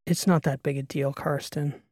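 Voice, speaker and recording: A man voicing a calm, guarded female starship captain who speaks softly and in a measured way. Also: a little high, no echo, studio quality, lightly acted. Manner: soft, measured, quiet delivery.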